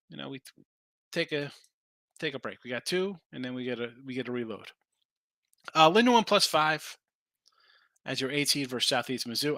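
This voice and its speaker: Bright-voiced man talking betting picks. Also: on the high side, dry recording, studio quality. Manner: loose, rambling, answers chat comments. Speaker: sports betting podcast host. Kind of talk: casual betting picks talk.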